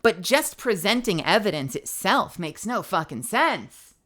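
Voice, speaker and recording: Streaming a courtroom game, this woman gives live commentary in an unhurried, mid-range voice. Frustration shows throughout, and she stays animated and swears freely as she talks through the game.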